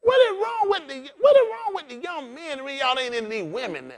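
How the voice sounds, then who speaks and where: A bald pastor who is getting older preaches a lighthearted, conversational sermon, bantering animatedly with the congregation. He speaks a little fast in a very high voice.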